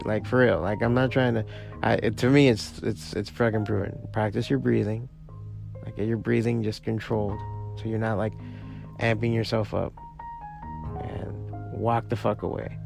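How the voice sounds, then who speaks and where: A man's voice: fairly low pitch, vocal fry, a little mellow. A man hosting a solo podcast, talking casually in a rambling, profane way full of restarts. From part Cuban family. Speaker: podcast host.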